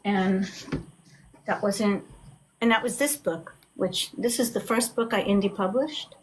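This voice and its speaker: A middle-aged woman, talking as an author guest in a casual video chat. She tells her stories with lively acted-out quotes. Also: medium pitch, measured pace, slight background noise. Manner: animated storyteller, acts out quotes.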